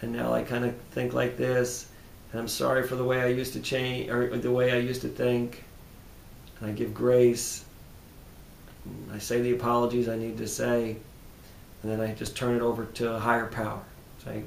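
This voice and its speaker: A man who practices tapping therapy, speaking calm, repetitive self-affirmations that often drop to a hushed tone, then explaining his method. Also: normal speed, gravelly. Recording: roomy echo with faint rumble.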